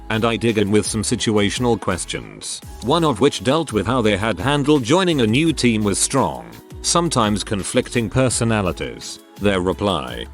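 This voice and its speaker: A man narrating online stories in a wry, expressive scripted read. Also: on the low side, moderate pace, faint music behind. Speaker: story narrator.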